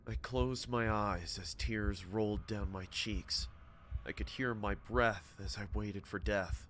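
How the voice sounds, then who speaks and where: A man narrating a horror story in a steady, dramatic scripted telling. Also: lowish voice, a little slow, slight background noise.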